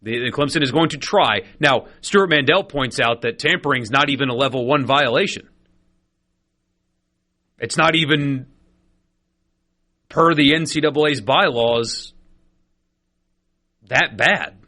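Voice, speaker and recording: A man's voice: medium pitch, measured pace, pauses often, bright, forceful tone. A man hosting a sports radio show, chatty and opinionated, with frequent fillers. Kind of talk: casual sports talk radio. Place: radio studio.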